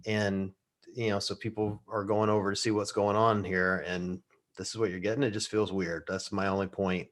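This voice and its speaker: Man, podcast co-host, low voice, joking, laid-back chat. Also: flat delivery, normal speed. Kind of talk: casual chat.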